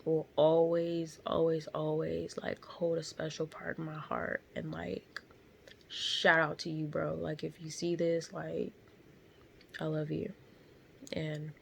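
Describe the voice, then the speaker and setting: Young woman, gravelly low voice, blunt profane storytelling in a car. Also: slight background noise. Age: young adult. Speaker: vlogger. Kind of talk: casual storytelling.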